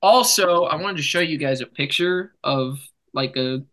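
Bright-voiced man rambling casually. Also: fairly high pitch, moderate pace. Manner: rambling, jokey storytelling with swings into loud bursts. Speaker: podcast host. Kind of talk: casual chat.

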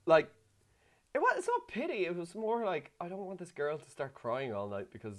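A man, co-hosting a podcast and telling candid stories with lively delivery. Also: moderate pace. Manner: animated storyteller who jumps into high voices. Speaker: podcast co-host. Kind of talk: casual chat.

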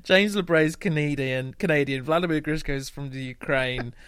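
A man's voice: on the high side, a little fast, fairly bright tone, smooth, no room sound. A man who trained at drama school, co-hosting a podcast with wry, sweary remarks. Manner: wry, sweary, knowing about musical theatre. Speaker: podcast co-host. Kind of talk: casual banter reviewing an album.

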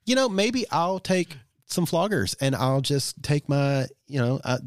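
A man's voice: fairly high pitch, lively intonation, unhurried, no echo, studio quality. An American man co-hosting a podcast, joking playfully and stumbling over fillers. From United States. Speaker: podcast co-host. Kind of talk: casual podcast chat.

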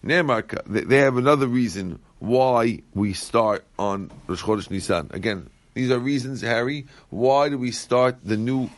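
In a recording free of room sound, a mid-range male voice leads a Talmud class. He works through the text by reading Aramaic and explaining it in plain English, circling back to repeat his phrases.

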